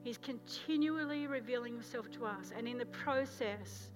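An Australian woman pastor giving a sermon, telling a story and moving from loud urgency to hushed, intense moments. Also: fairly high pitch, moderate pace, music in the background.

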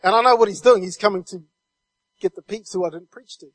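High-voiced New man telling a story. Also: fast, fairly bright tone, slightly rough, dry recording. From New Zealand. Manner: vivid storytelling with many repeated "and"s. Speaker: guest speaker. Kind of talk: personal testimony storytelling.

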